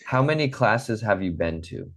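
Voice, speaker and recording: A male English teacher with a very low voice leads an online class. He is patient and encouraging, and he says each word slowly and clearly so his students can repeat it. He sounds like a teacher used to drilling vocabulary. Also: animated, fairly bright tone.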